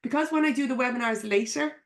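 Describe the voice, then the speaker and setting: A woman's voice: fairly high pitch, fast talker. An Irish woman giving a live coaching webinar from her computer at home, chatty and frank, laughing often and swearing casually. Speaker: business coach.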